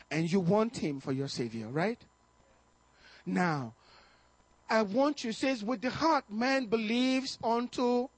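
A male pastor preaching a fervent sermon to his congregation, exhorting them with bursts of shouting and chuckles. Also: sits high, husky, no room sound. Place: church service.

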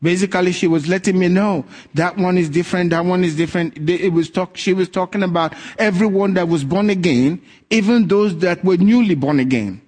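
Animated male preacher, slightly high voice. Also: fairly quick, few pauses. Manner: animated storytelling, acting out quoted voices. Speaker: pastor. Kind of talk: sermon.

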